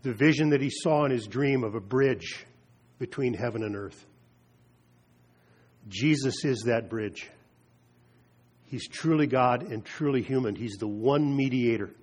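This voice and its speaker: A man preaching a sermon, retelling scripture with slow, emphatic pauses and drops in his voice. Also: medium pitch, darkish tone, breathy edge. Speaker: pastor.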